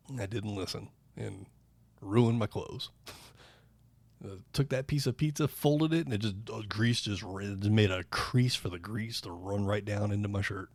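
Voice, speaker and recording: A man's voice: fairly low pitch, moderate pace, a little mellow, no room sound. A man co-hosting a casual podcast, telling rambling stories and swearing freely. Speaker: podcast co-host. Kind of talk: casual chat.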